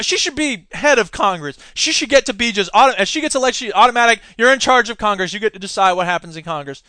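A man's voice: high voice, expressive, quick pace, hardly any pauses, bright, forceful tone, no room sound. A man hosting a podcast, giving opinionated casual commentary in a sarcastic way and mocking the people he quotes. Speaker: podcast host.

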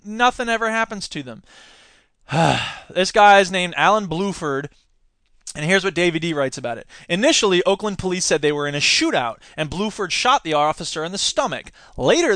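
A man's voice: high voice, pushed and bright, smooth, no room sound. A man hosting a podcast, giving opinionated casual commentary in a sarcastic way and mocking the people he quotes. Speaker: podcast host.

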